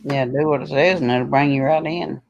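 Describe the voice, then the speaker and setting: A man's voice: medium pitch, moderate pace, gravelly, muffled recording. A man from rural Florida with a Southern accent shaped by Kentucky, co-hosting a casual livestream chat and answering viewer comments in a folksy way. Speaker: co-host of a livestream.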